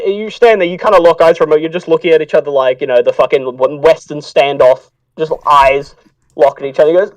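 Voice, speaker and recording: A man's voice: on the high side, quick pace, no echo, far from the mic, rough recording. A man narrating as game master for a tabletop game, rambling with lots of fillers and casual swearing.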